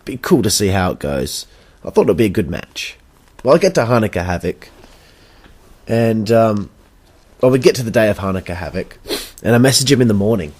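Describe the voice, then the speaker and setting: A man's voice: fairly low pitch, very animated, a little fast, pauses often, a little mellow. A young Australian man hosting a podcast, telling a story in a blunt, casual way, swearing freely and acting out the back-and-forth of conversations. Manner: blunt, swears freely, acts out quoted exchanges. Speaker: podcast host and backyard wrestler.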